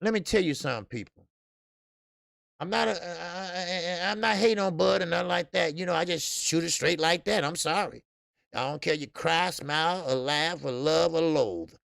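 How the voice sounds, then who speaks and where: An American man hosting a live boxing talk show, speaking straight to his chat. His voice is fairly high and gravelly, and he rambles loosely, full of fillers and restarts. The sound is dry and close. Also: moderate pace, a bit bright, no room sound. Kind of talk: live-stream commentary with chat.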